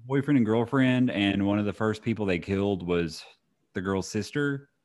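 Young guy cohost, lowish voice, dry wisecracks. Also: normal speed, darkish tone. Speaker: podcast co-host. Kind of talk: casual podcast chat.

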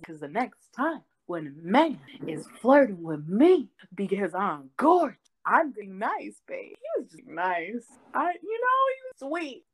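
A woman co-hosting a podcast, telling a story in a lively, profane, casual way. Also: mid-range voice. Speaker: podcast co-host.

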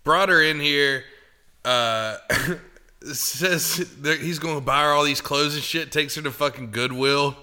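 A man's voice: a little high, unhurried, pushed and bright, smooth. A man co-hosting a podcast, chatting casually in a blunt, profane and joking way. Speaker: podcast co-host. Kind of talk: crude casual chat.

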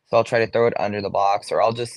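A man's voice: lowish voice, steady tone, very fast, no room sound. A young man, a go-go dancer, talking casually in an interview, chatty, swearing freely and saying "like" a lot. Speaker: guest, go-go dancer.

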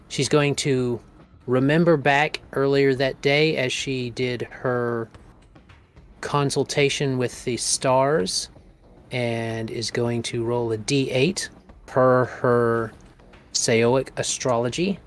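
Slow-talking man describing his character. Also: medium pitch. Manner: slow, descriptive, narrates in third person. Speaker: player. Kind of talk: describing his character's actions in a tabletop game.

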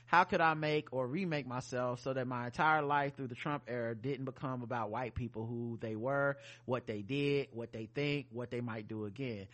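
A man's voice: medium pitch, steady tone, normal speed, hardly any pauses, a bit bright. A man co-hosting a podcast, reading listener emails aloud with joking asides. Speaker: podcast co-host. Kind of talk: casual podcast chat reading listener mail.

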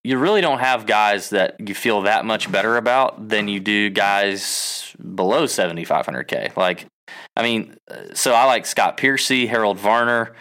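Man, podcast co-host, casual, hedging, bright and crisp voice. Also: on the low side. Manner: lists names briskly, hedging with "I believe".

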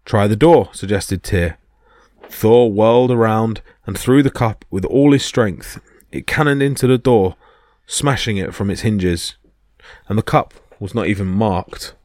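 A man narrating mythology stories as a podcast storyteller, in a steady dramatic reading. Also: lowish voice, unhurried, dry recording, studio quality.

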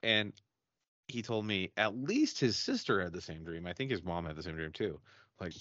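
Deep-voiced man telling a story, swearing freely. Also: normal speed, no echo, muffled recording. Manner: profane, animated storyteller. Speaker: podcast host. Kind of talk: casual drinking-session chat and storytelling.

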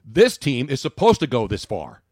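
A man hosting a sports talk podcast, opinionated and jokey, swinging from loud bursts to low muttering. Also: huge pitch swings, moderate pace, no echo, clean studio sound.

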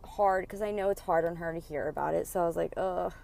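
A woman's voice: lowish voice, fast talker, creaky, a little mellow. A young adult woman hosting a podcast, telling a story in a chatty way, with many fillers and casual swearing. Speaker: podcast host.

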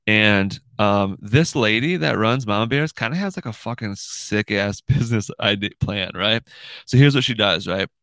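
Young man, host, low voice, gravelly, rambling, profane, dry close sound. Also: moderate pace, a bit bright, no echo. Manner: profane, rambling, ends lines with "dude" and "right?". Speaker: podcast host. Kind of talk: casual monologue. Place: room in his house.

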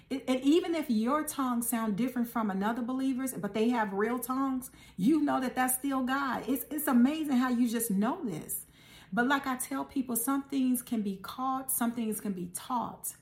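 A woman's voice: fairly high pitch, a little mellow. A woman preaching in a conversational podcast style, earnest and exhorting, repeating key phrases and calling her listeners baby and guys.

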